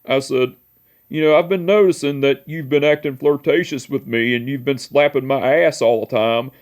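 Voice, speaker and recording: A young man in his twenties speaks at a middle pitch, telling a personal memory to the camera. He rambles and repeats himself, and his talk is heartfelt and emotional. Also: fairly even intonation, normal speed, a little mellow. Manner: rambling, repeats "I said" and "you know". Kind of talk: personal memorial vlog, storytelling.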